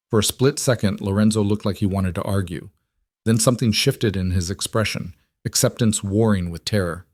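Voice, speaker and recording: A man with a low voice narrates a romance audiobook in a smooth, even storytelling manner. The recording is dry and close, with no room sound. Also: moderate pace, no room sound.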